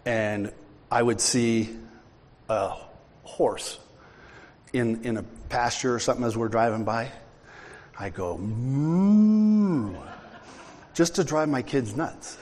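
A man's voice: mid-range voice, unhurried, pauses often. A middle-aged man giving a sermon, chatting with the congregation in a joking, storytelling way. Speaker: preacher. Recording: hall reverb.

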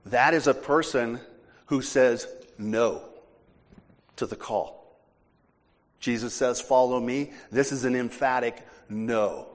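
Man, pastor, emphatic sermon, mid-pitched voice, long hall echo. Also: slow, long pauses. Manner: emphatic, forceful preaching with casual asides.

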